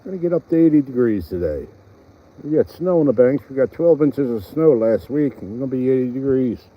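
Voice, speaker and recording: A man's voice: mid-range voice, expressive, fairly quick, lo-fi sound. A man chatting casually on a fishing vlog by a pond, rambling with fillers. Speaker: fishing vlogger. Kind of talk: casual outdoor vlog narration. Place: outdoors by a pond.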